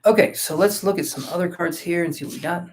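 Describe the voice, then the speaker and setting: A man's voice: fairly high pitch, fast, a little hiss or hum. Sleepy, chatty man reading tarot live. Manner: relaxed, chatty, thinking aloud with fillers. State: sleepy, yawning. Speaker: tarot reader.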